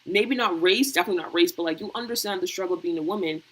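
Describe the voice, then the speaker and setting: A woman hosts a casual panel over a video call, and her voice is bright and forceful. She speaks bluntly and with emphasis, slipping into slang, and sits at a slightly lower pitch. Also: rapid-fire, breathy edge, rough recording. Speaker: host.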